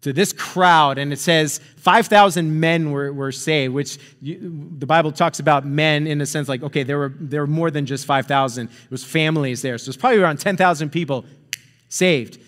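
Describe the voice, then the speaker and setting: Pastor, male, fairly high voice, loose storytelling sermon with a long hall reverb. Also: moderate pace, fairly bright tone. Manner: conversational, chuckling, checks in with "right?".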